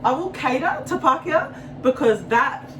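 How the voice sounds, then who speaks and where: Animated New Zealand woman telling a story. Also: high voice, unhurried, noisy background. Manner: animated and profane, acting out quotes. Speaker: vlogger. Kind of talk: casual storytelling to camera.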